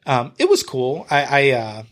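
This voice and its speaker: A man from Michigan is talking as a guest on a podcast. He tells his stories in an animated way and acts out the lines other people said. He swears freely and keeps the tone loose and conversational, with a voice of ordinary pitch for a man. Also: measured pace.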